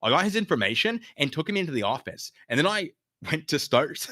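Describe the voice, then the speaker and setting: A man voicing a shaken, confused young male secretary, telling what happened in a high, strained, halting way. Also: huge pitch swings, pushed and bright, heavily acted.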